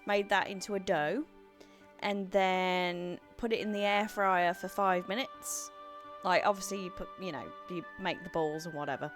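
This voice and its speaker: A woman's voice: lowish voice, fairly even intonation, moderate pace, faint music behind. A woman streamer chatting casually in a rambling way, with lots of fillers. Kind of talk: casual chat.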